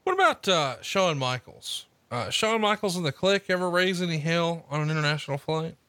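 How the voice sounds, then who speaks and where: A man with a bright, slightly high voice asks short, casual questions, pausing with small hesitations. He sounds a bit distant from the mic, and the recording is dry. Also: sing-song, no room sound. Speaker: podcast co-host, interviewer.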